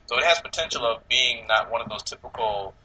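A man co-hosting a casual movie podcast, excitable, swearing freely and laughing often. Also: mid-range voice, fairly quick, a little hiss or hum, rough recording. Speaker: podcast co-host.

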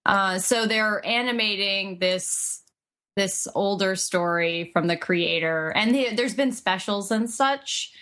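A young woman co-hosting a podcast, chatting casually, excitable and rambling. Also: medium pitch, slow. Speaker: podcast co-host.

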